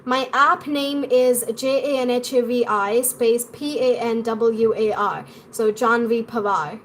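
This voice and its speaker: With fairly even intonation and a slightly high voice, a young woman speaking in an acquired British accent answers live-stream viewers' questions as a pronunciation coach. Her manner is quick and chatty, and there's a little hiss or hum.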